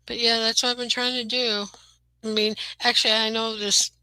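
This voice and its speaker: Bright, dry-sounding Midwestern woman, chatty and blunt, webcam chat. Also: fairly high pitch, level tone, moderate pace, smooth, no room sound. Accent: Midwestern American. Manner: chatty, laughs easily, blunt. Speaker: community chat participant. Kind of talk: casual group video chat.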